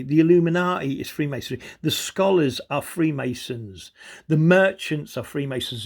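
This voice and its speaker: A video commentator with a gravelly, somewhat high male voice launches into an angry, sweary rant. Throughout the monologue he keeps asking "do you know what I mean."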